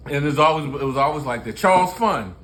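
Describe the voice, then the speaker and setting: Bright-voiced man in his sixties, joking. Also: on the high side, lively intonation, a little fast. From Baltimore, USA. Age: 60s. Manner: laughing, storytelling, candid and joking. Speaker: musician and show host. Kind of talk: casual chat.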